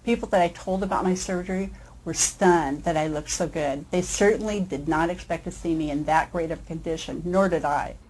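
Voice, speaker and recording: A woman in her fifties giving a measured, prepared testimonial as a surgery patient. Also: on the low side, darkish tone, poor audio. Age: 50s.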